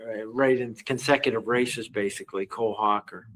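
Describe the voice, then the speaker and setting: A man hosting an interview, asking questions in a halting way with frequent restarts. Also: on the low side, fairly even intonation, a bit bright, rough recording. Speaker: podcast host.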